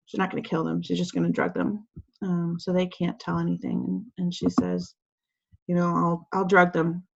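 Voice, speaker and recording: Over a video call that sounds dull and lo-fi, a woman teacher walks her class through quiz answers in a loose, chatty, filler-heavy way, acting out little quotes. Her fairly low voice is gravelly, a little mellow, and sing-song at a moderate pace.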